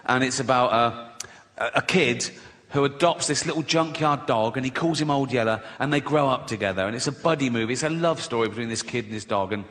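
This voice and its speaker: A man's voice: mid-range voice, fairly quick, a bit bright, long reverb tail. A man, a comedian, telling comic stories, swearing freely and laughing at his own jokes. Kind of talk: stand-up style comic storytelling.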